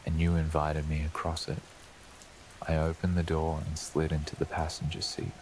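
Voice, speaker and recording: A man narrating a scripted horror story for sleep, telling it slowly and ominously as a lurking presence speaking to the listener. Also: extremely low pitch, monotone, darkish tone, slight background noise.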